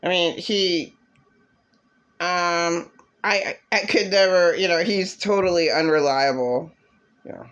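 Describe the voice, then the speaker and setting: A woman ranting angrily about her past, bitter and swearing, now and then mocking others in a shrill voice. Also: takes it slowly, long pauses, fairly bright tone, clear, resonant tone, muffled recording. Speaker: vlogger. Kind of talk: angry personal rant.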